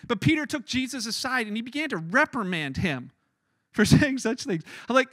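In church, a pastor delivers a sermon at normal speed in an animated, conversational style, acting out scenes along the way. His high, bright voice sounds close and dry, with almost no room echo.

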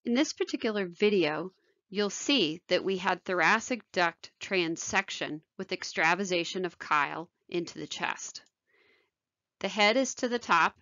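Woman surgeon giving a measured medical lecture. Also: on the low side, sharp tone, no echo, muffled recording. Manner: measured, technical delivery. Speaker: thoracic surgeon.

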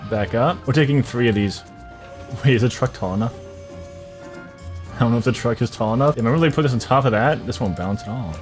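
Excitable swearing man narrating a game. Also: medium pitch, fast, pauses often, soft background music. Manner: excitable, swears often, bursts into loud frustrated outbursts. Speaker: gaming video creator. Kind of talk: casual gameplay commentary.

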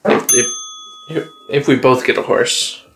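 A man's voice: mid-range voice, slow, creaky, fairly bright tone. A man co-hosting a casual comedy chat, trading dry jokes. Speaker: podcast co-host.

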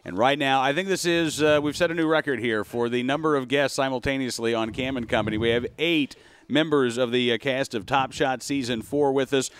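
A man's voice: mid-range voice, fairly quick, clear, resonant tone. A man hosting a radio talk show from a convention booth, chatty and self-deprecating, stumbling over guests' names. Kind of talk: live convention interview.

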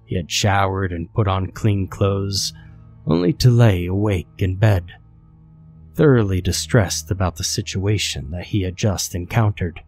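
A man narrating a scary story in a steady, measured way. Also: sits low, soft background music.

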